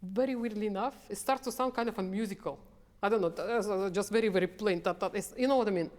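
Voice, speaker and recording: A woman coaching a piano masterclass, speaking in halting, restarting phrases and singing lines on syllables. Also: mid-range voice, darkish tone. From Sweden. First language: Swedish. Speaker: piano professor. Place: large hall with a piano. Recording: reverberant hall with piano playing.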